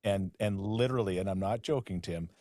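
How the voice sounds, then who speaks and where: Man, podcast host, very low voice, halting repeated words, dry close sound. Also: dark tone, no echo. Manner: halting, repeats words while searching for them. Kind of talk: casual podcast chat.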